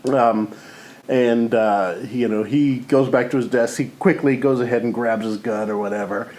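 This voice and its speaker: A man co-hosting a comedy podcast, rambling through a movie pitch full of "you know" and "or whatever" and laughing often. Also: steady tone, moderate pace, a little mellow, rough recording. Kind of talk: casual comedic chat.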